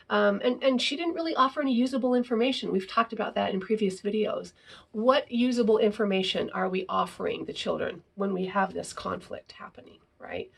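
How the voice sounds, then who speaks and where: A woman's voice: medium pitch, gravelly, husky. A woman explaining parenting ideas in a casual, conversational talk, often ending her points with "right?". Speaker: parenting educator.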